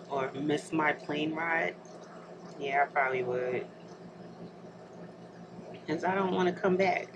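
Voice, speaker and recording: Chatty woman vlogger, low-pitched voice, background hiss. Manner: chatty and rambling, laughs often. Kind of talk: casual chat to camera.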